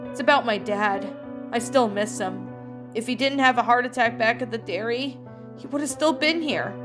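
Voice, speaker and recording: A woman's voice: fairly high pitch, moderate pace, music in the background, lightly acted. A woman reading a fan story aloud, voicing a tough young woman survivor who is grieving. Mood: sorrowful.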